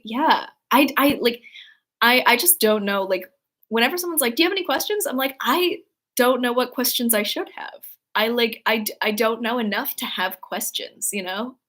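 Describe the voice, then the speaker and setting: Chatty woman streamer with a slightly high voice. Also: a little slow. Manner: rambling, many fillers and restarts, reads chat aloud; worries her flat delivery sounds sarcastic. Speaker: livestream host reading chat. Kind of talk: casual livestream chat.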